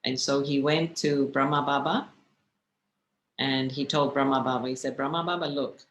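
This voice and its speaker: A woman's voice: rumbling low, steady tone, normal speed, echoey room, slight background noise, poor audio. A woman meditation teacher giving a spiritual class, telling stories and asking her listeners rhetorical questions.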